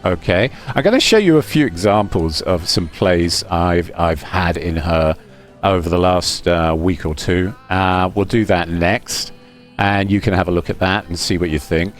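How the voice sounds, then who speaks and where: A man with a low voice talks through his own match in a loose, rambling voice-over. He stumbles and restarts often. Faint music plays underneath. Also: a little slow. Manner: rambling, relaxed, with fillers and restarts. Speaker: gaming commentator. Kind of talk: gameplay commentary.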